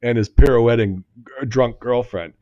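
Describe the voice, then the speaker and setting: A man's voice: mid-range voice, normal speed, warm tone. Rambling man telling a story, lo-fi. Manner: rambling, self-interrupting, laughs at own story. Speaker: podcast co-host. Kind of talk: casual storytelling chat.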